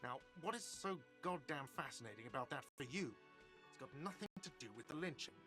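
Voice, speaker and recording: An actor playing an irritable, defensive cafeteria manager in a video game who talks curtly and sounds put-upon. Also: male voice, a little high, expressive, fairly quick, music in the background, lightly acted. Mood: irritated. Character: irritable middle-aged man running a cafeteria.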